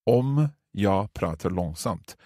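Low husky guy asking questions, repeating words slowly, casual lesson chat. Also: lively intonation, mellow, no echo, studio quality. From Scotland. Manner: inquisitive, repeats phrases slowly. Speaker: podcast host and learner.

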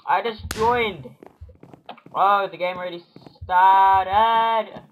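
A young man with a cough and cold, reacting excitedly as he plays a game and talks to viewers. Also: high-pitched, a little slow, highs cut off. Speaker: gamer. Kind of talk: casual gameplay commentary. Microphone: built-in computer microphone. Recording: noisy built-in computer mic. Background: loud rain.

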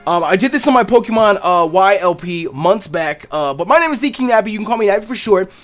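Loud, cursing man doing game commentary, high and very animated; faint game music behind. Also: fast. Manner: loud, boisterous, cursing and joking. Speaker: Let's Play host. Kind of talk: casual gameplay commentary.

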